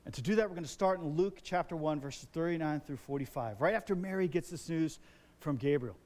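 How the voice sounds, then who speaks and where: A man in his forties preaching a sermon as a pastor, telling stories with lively, building excitement. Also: on the high side, a little fast. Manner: animated storytelling, grows loud and excited. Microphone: wears a microphone.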